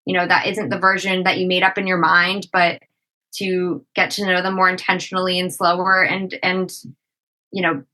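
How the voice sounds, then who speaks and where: A woman guest speaks in a bright, forward voice, weighing her thoughts aloud in relaxed podcast chat. She often leans on fillers like "like" and "you know" as she talks things through. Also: fairly low pitch, normal speed, poor audio. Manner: reflective, frequent "like" and "you know". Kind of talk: casual conversational interview.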